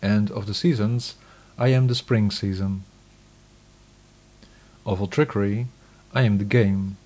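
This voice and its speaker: A man with a fairly low voice reads scripture aloud. His delivery is measured and solemn, declaiming each line with steady weight.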